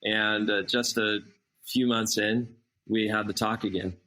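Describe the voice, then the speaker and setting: As a guest on a podcast, a missionary animatedly shares a personal story in a casual way, acting out each line of dialogue. He speaks unhurriedly in a lowish voice over a low-quality recording.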